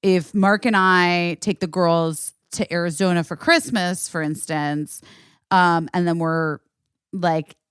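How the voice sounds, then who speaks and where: A woman's voice: lowish voice, steady tone, slow, fairly bright tone, clear, resonant tone, dry recording, clean studio sound. A woman hosting a podcast in casual chat, talking loosely with lots of fillers and laughter. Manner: chatty, laughs often, many fillers. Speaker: podcast host.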